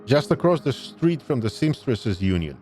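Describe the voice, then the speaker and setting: A man voicing a jittery, drug-addled male shaman who talks in halting, repeating bursts, close to his own voice. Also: mid-range voice, very animated, darkish tone, soft background music, natural voice. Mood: scared. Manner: halting, repetitive.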